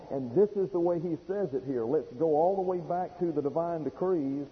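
A man preaching an expository sermon in a folksy, explanatory way, slowing down to stress key words. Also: on the high side. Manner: folksy, explanatory, slows for emphasis. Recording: dull lo-fi recording in a reverberant hall.

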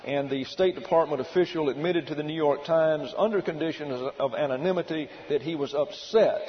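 A man preaching a sermon, teaching in a deliberate, emphatic way and reading out excerpts. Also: on the high side, long reverb tail. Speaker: pastor. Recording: dull lo-fi recording with faint hiss.

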